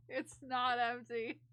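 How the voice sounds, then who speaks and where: A young woman live streamer chatting casually to viewers and her cat, giggly and excitable, often laughing and squealing. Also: on the high side, smooth, dry recording.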